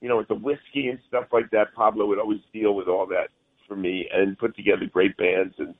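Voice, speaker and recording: A man's voice: lowish voice, flat delivery, brisk. A male musician being interviewed, talking in a rambling, friendly way, heard over a phone line. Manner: rambling, friendly, says "man" often. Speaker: guest musician.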